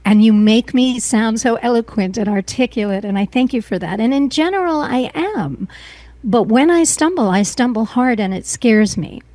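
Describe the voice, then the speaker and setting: A middle-aged woman as an interview guest, speaking earnestly and emotionally, often pausing and restarting her sentences. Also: a little high, animated, dark tone, dry recording. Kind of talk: personal interview.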